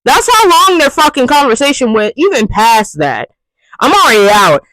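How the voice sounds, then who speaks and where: Loud, animated young woman ranting. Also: high-pitched, moderate pace, dry recording, rough recording. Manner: exasperated, swearing rant. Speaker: vlogger. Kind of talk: ranting vlog monologue.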